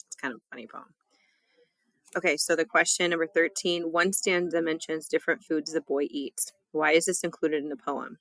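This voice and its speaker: A woman's voice: low-pitched, fairly even intonation, moderate pace, dry recording. A woman teacher reading a test and a poem aloud for her students, in a casual, chatty way with small laughs.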